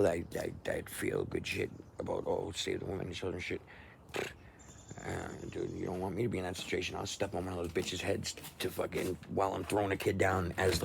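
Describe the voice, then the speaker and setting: A man's voice: low-pitched, creaky, slight background noise. A man hosting his own channel, delivering a crude, combative, profane ranting monologue. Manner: crude, combative, lots of swearing. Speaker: channel host.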